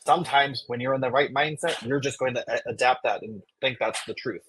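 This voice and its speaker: A man co-hosting a fitness podcast who speaks in a measured, coaching way. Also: medium pitch, fairly bright tone, slight background noise, rough recording. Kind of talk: casual podcast chat.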